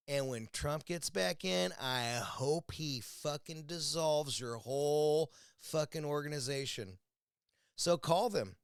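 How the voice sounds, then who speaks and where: A man's voice: on the high side, lively intonation, moderate pace, no echo, studio quality. A man from the United States delivers a blunt, profane political rant at home over a beer. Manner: angry, blunt, swears constantly. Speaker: vlogger. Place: indoors at home, drinking a beer.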